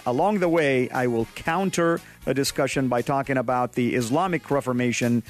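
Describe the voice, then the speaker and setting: A man hosting a radio talk show, speaking haltingly with many fillers and restarts. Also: mid-range voice. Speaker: radio co-host.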